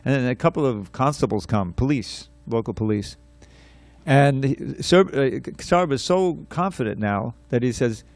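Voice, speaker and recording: A man giving a scripture class, telling a story in an animated way, repeating words and restarting his sentences. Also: mid-range voice, moderate pace, dry recording, faint music behind.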